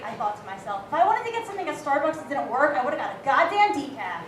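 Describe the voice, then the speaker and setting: Brash high-voiced young woman comic. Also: very animated, fast, hardly any pauses, a bit bright. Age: young adult. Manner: brash, raunchy, self-mocking. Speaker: stand-up comic. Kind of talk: stand-up set. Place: comedy club stage. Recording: echoey club, far from mic, faint noise.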